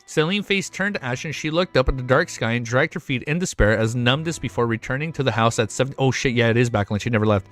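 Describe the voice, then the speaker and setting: A man streaming live, reading a novel aloud and breaking off into excited, swearing reactions. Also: medium pitch, fast talker, hardly any pauses. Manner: excitable, swears often, sudden loud outbursts.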